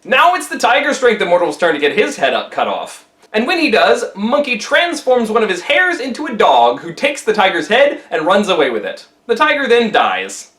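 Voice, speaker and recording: A man retelling an old story in a casual, playful, animated way. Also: sits high, normal speed, reverberant.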